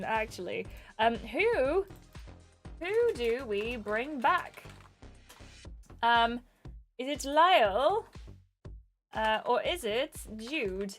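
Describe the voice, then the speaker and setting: A bubbly woman gives casual livestream commentary, thanking her chat over and over. Her voice is high, and faint game music plays under her. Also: big pitch swings, very slow, long pauses, fairly bright tone. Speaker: gaming streamer.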